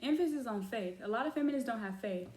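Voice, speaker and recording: A woman's voice: on the high side, animated, quick pace, a little mellow, reverberant, a little hiss or hum. A woman giving a casual oracle card reading, talking chattily and calling her viewers y'all. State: has cramps. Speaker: tarot reader.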